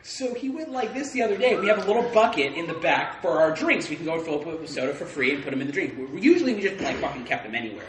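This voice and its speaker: A man's voice: fairly high pitch, big pitch swings, racing, few pauses, slight background noise. A young man co-hosting a podcast, telling a story between laughs and swearing casually. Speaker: podcast co-host. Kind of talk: casual chat. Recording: echoey room.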